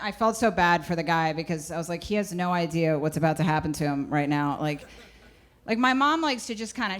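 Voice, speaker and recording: A woman's voice: mid-range voice, fairly bright tone, a little hiss or hum. A woman doing stand-up, telling a story in a wry, conversational way. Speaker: stand-up comedian.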